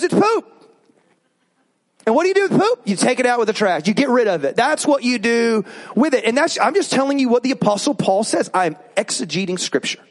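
Guy pastor preaching, high voice that jumps all over, jokey, gets the crowd to say stuff back. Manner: animated and joking, prompts the congregation to repeat words. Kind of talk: sermon.

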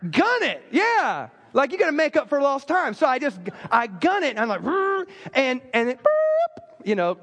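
A man's voice: extremely high pitch, big pitch swings, normal speed, few pauses, a bit bright. A man preaching a sermon as pastor, telling stories with joking asides. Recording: long reverb of a large hall.

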